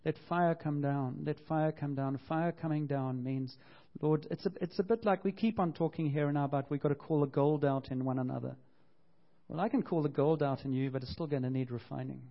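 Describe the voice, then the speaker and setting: Impassioned male preacher, slightly high voice. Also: fairly quick, vocal fry, muffled recording. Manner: impassioned, repeats himself, acts out quotes. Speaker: pastor. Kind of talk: sermon.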